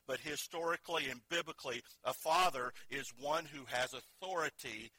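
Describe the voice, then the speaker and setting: A man preaching a sermon, telling stories earnestly and moving between soft and loud delivery. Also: mid-range voice, no room sound, rough recording.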